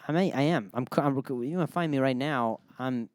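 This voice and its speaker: A man's voice: mid-range voice, a little fast, a little mellow. A man guesting on a podcast, stuttering and repeating words in casual chat. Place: apartment.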